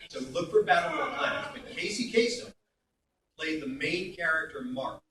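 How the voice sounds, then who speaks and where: A middle-aged man from Brooklyn, New York, a voice actor talking at a convention panel Q&A in a chatty, animated way, recorded on a phone in the audience. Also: on the high side, moderate pace, distant mic, slight background noise. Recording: echoey hall, phone mic from afar.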